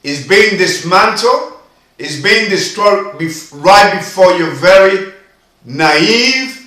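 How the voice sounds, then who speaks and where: A man's voice: high-pitched, pushed and bright. A man giving an impassioned monologue to camera, preachy and emphatic, repeating and drawing out his phrases. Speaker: video commentator. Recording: very echoey room.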